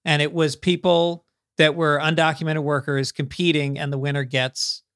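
A man, a comedian guest on a podcast, telling a quick anecdote in casual chat. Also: on the high side, flat delivery, fairly bright tone, no echo, studio quality.

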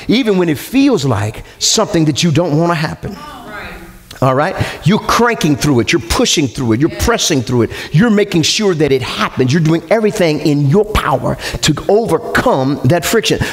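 A man preaching a sermon to his congregation, calling out questions and rising to shouts. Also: fairly high pitch. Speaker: pastor. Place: church sanctuary with congregation.

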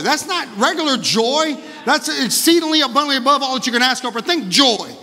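A male pastor preaching a lively sermon in a church, often calling out "Amen?" to the congregation. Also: extremely high pitch, brisk, hardly any pauses. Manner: energetic, exclaiming, frequent "Amen?" to the congregation. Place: church sanctuary. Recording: long reverb of a large hall.

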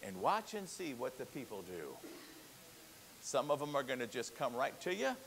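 A male pastor preaching a sermon, swinging from low, hushed asides to loud, high-pitched exhortation. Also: sing-song, moderate pace, in a large hall, a little hiss or hum. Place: church.

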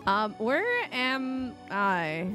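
A young woman streaming a life-sim game live, talking to her chat in an animated way and laughing often. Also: medium pitch, drawn-out words, music in the background. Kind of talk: casual live-stream commentary. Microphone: desk microphone.

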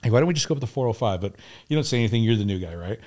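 A man's voice: fairly low pitch, rapid-fire. A man telling war and contracting stories as a podcast guest, acting out dialogue, laughing and swearing casually. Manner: animated, acts out dialogue, laughs often, swears. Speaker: podcast guest, Navy SEAL veteran. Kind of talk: casual storytelling interview.

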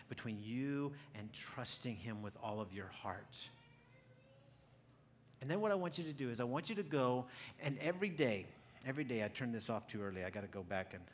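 Animated, bright-voiced preaching pastor. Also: male voice, medium pitch, slight background noise. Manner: animated, swings from loud exclaiming to quiet, near-whispered emphasis; repeats words when starting phrases. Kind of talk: sermon. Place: church hall before a congregation.

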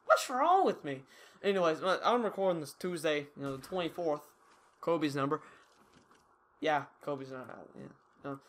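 A man's voice: on the high side, moderate pace. A young man giving casual, rambling, self-mocking commentary over his own gameplay. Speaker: gaming YouTuber.

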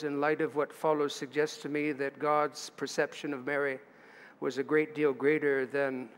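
A man preaching a sermon as pastor, in a chatty way with asides to the congregation. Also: on the high side. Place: church sanctuary. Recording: church livestream with long hall reverb.

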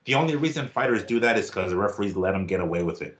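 A man's voice: medium pitch, rapid-fire, few pauses, a bit bright, roomy sound. A man co-hosting a boxing talk show in casual chat, rambling and swearing with lots of fillers and restarts.

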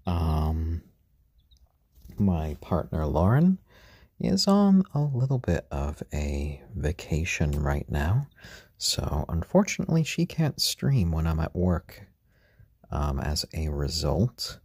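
Tired low-voiced man, soft husky chat. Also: sing-song, dry recording. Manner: gentle, unhurried, coos to a chick in a high voice. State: tired after a long workday. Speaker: live-stream host. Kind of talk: casual live-stream chat. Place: at home, indoors.

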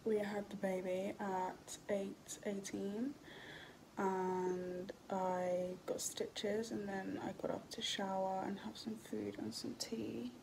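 Tired young uk woman vlogging in a hospital room, talks slow and drawn out, hissy background. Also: medium pitch, level tone, vocal fry, darkish tone, poor audio. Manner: tired, chatty, bursts of laughter. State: tired and out of breath. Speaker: vlogger, new mother. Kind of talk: casual vlog chat. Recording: background hiss, room noise.

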